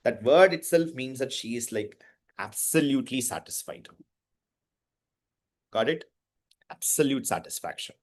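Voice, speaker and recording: A man's voice: medium pitch, expressive, moderate pace, long pauses. A man teaching Sanskrit pronunciation, drilling verses syllable by syllable with short explanations. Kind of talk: pronunciation lesson, call-and-repeat recitation.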